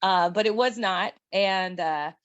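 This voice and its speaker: A middle-aged woman telling a story in casual chat, animated and laughing often. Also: medium pitch, measured pace, clean tone, dry recording, muffled recording. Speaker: guest.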